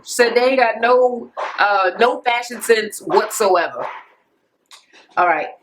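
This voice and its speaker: A woman's voice: a little high, animated, takes it slowly, fairly bright tone, slight background noise, poor audio. A woman casually recapping a reality TV episode from home, blunt and profane, acting out the people she quotes. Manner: blunt, profane, retells scenes with quoted voices. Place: home near a police station, helicopter audible. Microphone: camera mic.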